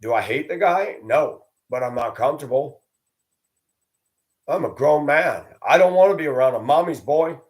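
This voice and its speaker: A man's voice: a little high, lively intonation, moderate pace. Blunt, profane man ranting. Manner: mocks others in a raised voice. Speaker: video host. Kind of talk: ranting monologue.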